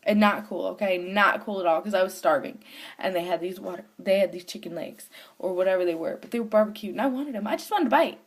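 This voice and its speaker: A woman of young to middle age tells a story straight to the camera in a casual vlog. She is animated, acting out the voices of the people in her story with loose, everyday swearing. Her voice sits at an ordinary middle pitch for a woman. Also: fast. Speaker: vlogger.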